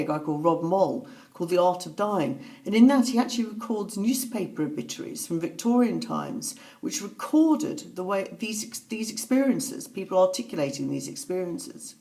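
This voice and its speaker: A woman speaking softly and haltingly, telling a personal story as reflective testimony. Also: on the low side. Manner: soft-spoken, halting, with pauses and fillers. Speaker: author recounting a personal story.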